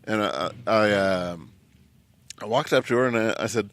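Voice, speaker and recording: A man's voice: fairly low pitch, normal speed, a bit bright. A man hosting a podcast in casual chat, telling stories in a rambling way with many fillers and restarts. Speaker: podcast host.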